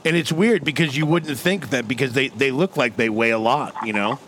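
A man's voice: mid-range voice, noisy background. A man hosting a casual chat, joking and crude, teasing his guest. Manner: joking, crude, quick to tease. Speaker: host.

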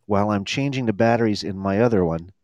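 A man's voice: lowish voice, quick pace, a little mellow, no echo, highs cut off. Rambling podcast host man, dry sound. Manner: rambling, restarts a lot, laughs easily. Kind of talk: casual live podcast chat. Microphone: handheld mic.

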